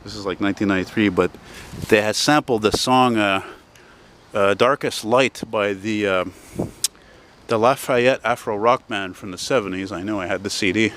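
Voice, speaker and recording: A man's voice: lowish voice, moderate pace, fairly bright tone. Rambling, chatty Montreal man in his forties, street vlogger walking and talking to camera, light street noise. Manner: rambling, chatty, swears casually, many fillers. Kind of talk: casual walking monologue. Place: outdoors on a city street.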